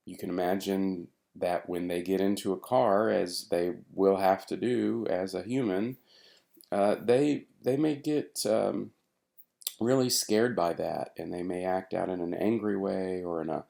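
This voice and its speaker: A middle-aged man giving a recorded therapy training lecture in a relaxed, conversational way, with frequent fillers and restarts. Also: low voice, creaky.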